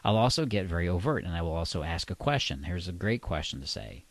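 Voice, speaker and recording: A man coaching, speaking slowly and deliberately in a deep, resonant voice with long pauses. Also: big pitch swings, no echo. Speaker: dating coach. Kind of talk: instructional monologue.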